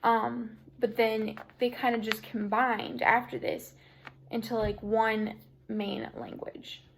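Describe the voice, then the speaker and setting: Young woman with vocal fry. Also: on the high side, little pitch movement, slow, slight background noise. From United States. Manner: chatty, full of "you know" and "like" fillers. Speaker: student presenter. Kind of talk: casual class presentation.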